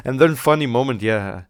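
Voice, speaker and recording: A man's voice: mid-range voice, animated, unhurried, no echo. A man giving casual reaction commentary on an anime at home, rambling, swearing and thinking aloud. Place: home, on a squeaky chair.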